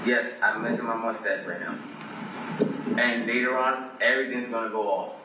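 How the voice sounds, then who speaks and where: A man's voice: mid-range voice, moderate pace, heavy background noise. Joking man in a distant, echoey phone video. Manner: dismissive, joking, swears casually. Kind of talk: argument and joking selfie video. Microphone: phone camera.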